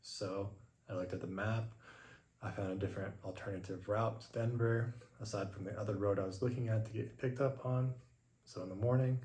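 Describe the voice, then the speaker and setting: A young man hosting a podcast, telling a story in a casual, animated way and filling his talk with "like". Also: on the low side. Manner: casual, lots of "like" fillers; animated retelling, acts out his own past lines. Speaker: podcast host. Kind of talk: storytelling monologue. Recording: roomy echo.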